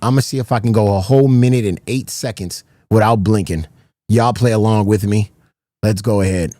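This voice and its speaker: A man streaming live, chatting casually to his viewers, excitable and swearing often, repeating himself. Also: on the low side, a little fast, no room sound, clean studio sound.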